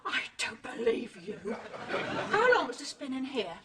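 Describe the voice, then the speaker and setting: Brisk polite neighbour, high lively voice. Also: female voice, very noisy. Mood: reproachful. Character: brisk, reproachful neighbour's wife.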